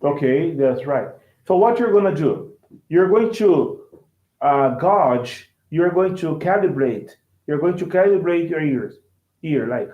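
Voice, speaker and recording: A male language teacher with a Brazilian Portuguese accent explains English casually, halting and repeating words. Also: on the high side, animated. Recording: echoey, tinny phone-like sound.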